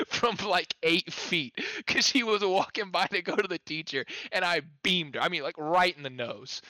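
A man's voice: a little high, pushed and bright, dry recording. A young man telling stories in casual chat with friends, rambling with lots of "like" fillers and laughing as he goes. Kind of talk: casual storytelling among friends.

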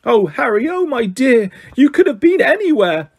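A man voicing a fussing, sharp-tongued motherly witch who scolds. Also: sits high, very animated, brisk, breathy edge, pitched above the performer's own voice, exaggerated voice. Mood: fretful.

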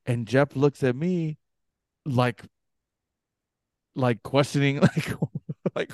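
A young man co-hosting a podcast, telling a story casually and acting out the other people's voices with big jumps in pitch. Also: slow pace, pauses often, no room sound, studio quality. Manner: animated, acts out quoted voices with pitch jumps. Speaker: podcast co-host.

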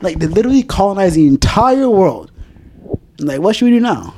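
A man's voice: high voice, very animated, brisk, warm tone, slight background noise. A man hosting a casual podcast chat, ranting profanely and laughing often.

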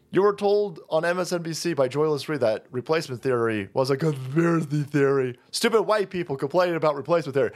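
A man's voice: fairly high pitch, animated, fast talker, few pauses. Sarcastic, foul-mouthed male commentator. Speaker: commentary channel host. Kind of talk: profane political commentary.

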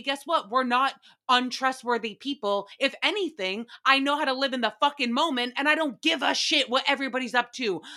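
A young woman hosting a casual recap podcast, animated, profane and giggly as she talks. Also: sits high. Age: young adult. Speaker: podcast host.

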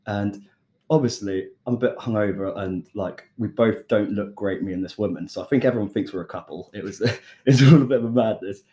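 A young British man, a chef, casually telling a lively story and acting out the voices of the people in it. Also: fairly low pitch, fairly quick. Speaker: chef and podcast guest.

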